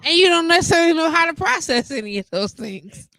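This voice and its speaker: Bright-voiced chatty woman host. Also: very high voice, quick pace, gravelly, no room sound. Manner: animated, repeats "you get what I'm saying". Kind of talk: casual live-stream chat.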